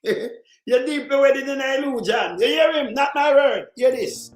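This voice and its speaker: High-pitched Jamaican man ranting. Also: a little slow, reverberant, soft background music. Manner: emphatic, often shouting, in patois. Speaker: political commentator. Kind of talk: ranting commentary over clips.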